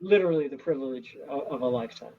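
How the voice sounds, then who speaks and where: A middle-aged man, an actor, telling stories in a casual interview, earnest and animated with many restarts. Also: mid-range voice, fast, breathy edge, phone-quality sound.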